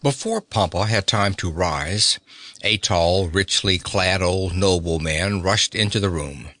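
A man's voice: unhurried, sharp tone, no room sound, studio quality. A man reading a children's fantasy novel aloud, lifting his voice for the characters' lines. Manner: raises pitch for quoted characters. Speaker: audiobook narrator. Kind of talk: storybook narration with character voices.

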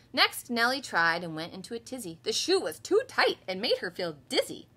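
A woman in her thirties, a kindergarten teacher, reading a picture book aloud to children with lively voiced storytelling, then leading a home class. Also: medium pitch, slightly rough.

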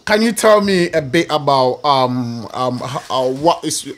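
A man hosting a podcast interview, excitable, with quick reactions and loud laughter. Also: medium pitch. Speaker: podcast host. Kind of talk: casual interview chat.

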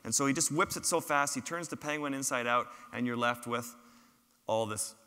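A man with a bright, forceful voice tells his field stories to a lecture hall audience. His words ring out on a stage microphone with a long reverb trailing after them. His humor is self-deprecating. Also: mid-range voice, moderate pace, smooth. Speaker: photographer giving a public talk. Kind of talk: storytelling lecture with slides.

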